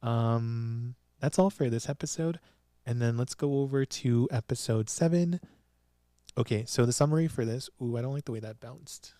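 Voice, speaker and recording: Male podcast host, casual giggly recap voice, mellow tone, close dry sound. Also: mid-range voice, normal speed, no echo. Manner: giggly, animated storytelling with frequent laughs. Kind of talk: casual chat recapping a TV drama. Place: small studio with a producer present.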